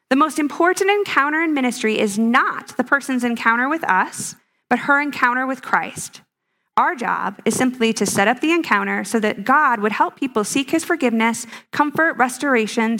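A woman's voice: on the high side, pushed and bright. A woman giving a conversational teaching talk to a live audience, playful and full of rhetorical questions. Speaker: speaker at a ministry teaching.

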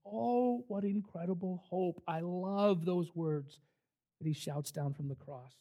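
An older man, a camp director, giving a sermon full of stories, emphatic and animated as he acts out what people said. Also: high voice, unhurried. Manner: animated, emphatic storyteller who acts out quotes. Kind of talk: sermon with storytelling.

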